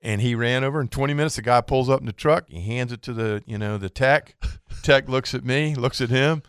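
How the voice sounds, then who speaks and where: A man's voice: medium pitch, fairly quick, clean tone, no room sound, studio quality. A man co-hosting a radio fishing show, telling a long story with laughs and acting out the people in it. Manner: animated storyteller, acts out quotes with laughs. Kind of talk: casual radio chat, storytelling. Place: radio studio.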